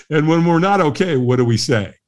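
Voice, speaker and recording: A middle-aged man spins a story as an interview guest. His fairly high voice rises and falls a great deal. He laughs often along the way. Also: slight background noise. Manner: lively, laughs often, acts out the voices of others. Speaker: guest, firewalk instructor. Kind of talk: animated storytelling in a podcast interview.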